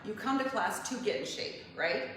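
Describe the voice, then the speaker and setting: A woman's voice: medium pitch, moderate pace, fairly bright tone. A woman in her forties who teaches barre fitness and gives a chatty, encouraging pep talk to her class. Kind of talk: motivational class talk to camera. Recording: echoey room, mic at a distance, faint hiss.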